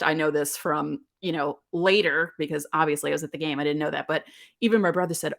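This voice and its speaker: A woman in her thirties hosts a solo podcast in a casual, rambling way. Her voice sits a little low, and she tells her story with plenty of chatty asides. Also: a little fast, creaky, a bit bright. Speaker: podcast host.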